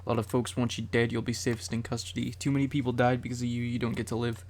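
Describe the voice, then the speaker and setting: Flat-voiced man reading game choices. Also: medium pitch, fast, a little hiss or hum. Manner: reads dialogue choices aloud, dry asides. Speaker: gamer. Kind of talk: casual gameplay commentary.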